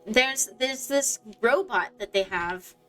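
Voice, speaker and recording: A young woman streamer chats casually while gaming, rambling, losing her train of thought and filling gaps with lots of fillers. Her voice is on the high side, slow, bright and forceful, with faint game music in the background.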